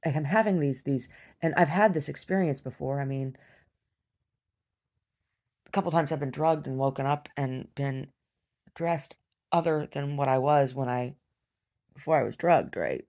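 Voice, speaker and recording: A woman recounting a disturbing dream in a personal video diary, talking haltingly with many restarts. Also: low voice, darkish tone. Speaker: survivor sharing a personal story.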